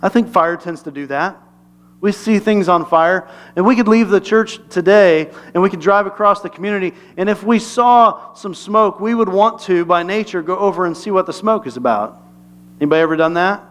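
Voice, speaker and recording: A man's voice: high voice, normal speed. A male pastor giving a conversational, humorous sermon and asking the congregation questions.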